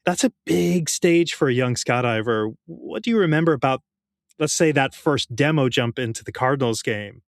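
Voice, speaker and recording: A man's voice: medium pitch, expressive, normal speed, creaky, no echo, clean studio sound. A man hosting a podcast interview, asking well-prepared, admiring questions. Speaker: podcast host.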